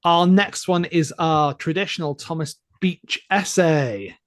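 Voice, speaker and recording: A man's voice: a little high, a little slow, no echo, clean studio sound. A man co-hosting a casual podcast, reading listener emails aloud with enthusiastic, chatty energy. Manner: enthusiastic, chatty, laughs often.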